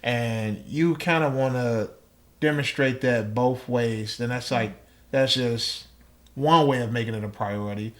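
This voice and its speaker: A man's voice: mid-range voice, unhurried, fairly bright tone. A man as a podcast guest, talking thoughtfully in casual chat and acting out small exchanges. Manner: thoughtful, acts out little dialogues.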